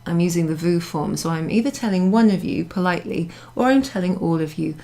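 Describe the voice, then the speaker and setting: A woman's voice: on the low side, brisk, creaky, warm tone. A woman teaching a beginners' French class, explaining patiently step by step and repeating her examples. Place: pub function room, classroom class.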